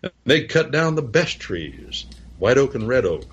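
Speaking slowly but with a lot of animation, a preacher with a husky, lowish voice rambles through folksy Bible teaching, drifting into anecdotes and spelling out words. His pitch moves over a wide range, and the audio is muffled and lo-fi.

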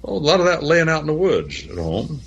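A man's voice: a little high, huge pitch swings, a little fast, vocal fry, a bit bright, slightly rough, muffled recording. A man preaching and teaching on scripture in a folksy, rambling way, telling stories and spelling out words letter by letter.

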